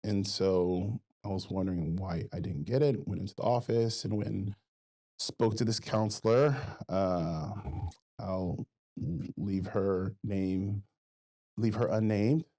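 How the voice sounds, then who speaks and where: A man's voice: on the low side, takes it slowly, dark tone. A man as a podcast guest, telling his life story in a reflective, easygoing way. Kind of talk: casual interview storytelling.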